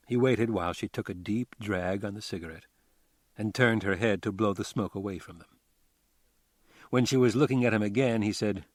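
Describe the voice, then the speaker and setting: An audiobook narrator reads a crime novel from a script, calm and measured, his voice sitting low. The sound is dry and close with no room sound at all.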